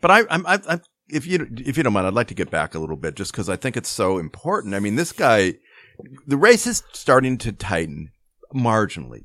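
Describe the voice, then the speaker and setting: A man co-hosting a podcast, arguing political points in halting restarts. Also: lowish voice, wildly swooping pitch, fairly bright tone, no room sound. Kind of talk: casual political chat.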